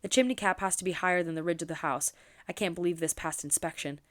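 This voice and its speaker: A woman reading the lines of a rugged male cowboy neighbor in a novel, blunt and matter-of-fact, at a quick pace. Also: fairly low pitch, lightly acted.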